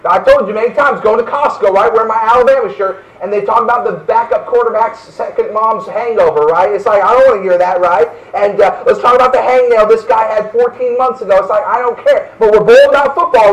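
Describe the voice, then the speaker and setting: A man's voice: sits high, recorded from a distance, poor audio. A man preaching a fervent sermon as pastor, often tossing in "right?" asides.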